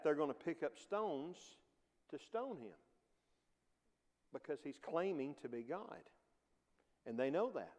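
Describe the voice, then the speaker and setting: A man's voice: a little high, darkish tone, long reverb tail. A man teaching a casual Bible class in a church, talking conversationally with frequent chuckles and acting out the quoted lines.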